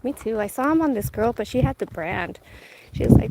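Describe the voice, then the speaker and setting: A woman vlogging food on a street talks briskly in a slightly high voice with lively intonation. Street noise and wind fill the background as she laughs a lot and recounts what other people said.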